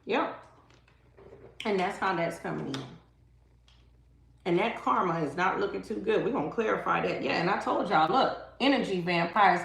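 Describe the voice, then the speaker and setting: A woman's voice: lowish voice, animated, normal speed, vocal fry, pauses often, a bit bright, roomy sound. A woman giving a live-stream tarot reading, talking emphatically and dramatically straight to her viewers. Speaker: tarot reader.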